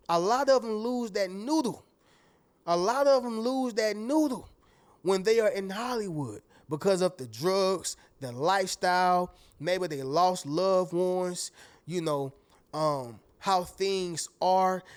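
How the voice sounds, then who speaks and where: A man with a fairly high voice delivers a motivational monologue straight to his audience. He talks in a loose, preachy way and keeps hammering on his points by repeating them. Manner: preachy and conversational, addresses viewers as "y'all" and "family"; repeats key phrases for emphasis. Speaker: motivational speaker.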